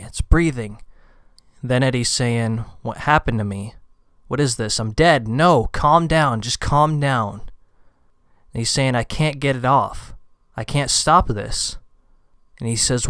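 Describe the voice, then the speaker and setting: A man's voice: medium pitch, smooth, no echo, clean studio sound. A man hosting a comic explainer video, talking in an easygoing, chatty way. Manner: easygoing, chatty, uses fillers like "you know". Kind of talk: casual commentary.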